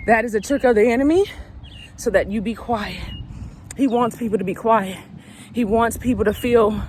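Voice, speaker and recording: A woman's voice: on the high side, darkish tone, slight background noise. A woman coach, a little out of breath, giving an emphatic, preachy motivational talk that repeats its points. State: slightly out of breath. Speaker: recovery coach. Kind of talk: motivational direct-to-camera talk.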